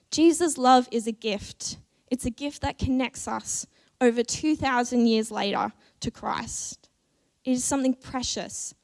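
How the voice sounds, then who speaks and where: Woman, sermon, somewhat high voice, measured and earnest, deliberate pauses, church message. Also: a little mellow. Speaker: preacher.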